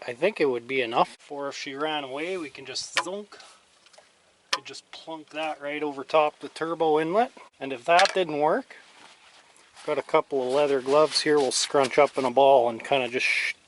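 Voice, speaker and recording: Chatty male vlogger at mid pitch, talking through a repair, faint engine noise in the background. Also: fairly bright tone, low-quality recording. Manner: chatty, self-deprecating, laughs nervously. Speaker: vlogger working on an old car. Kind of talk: casual narration while working.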